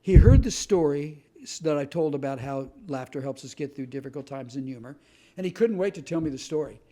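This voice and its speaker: A man speaks in a warm, somewhat high voice. He tells stories with animated, punchy emphasis, often repeating a phrase for effect, like a motivational speaker. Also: fairly quick. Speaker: host and author. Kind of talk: motivational talk.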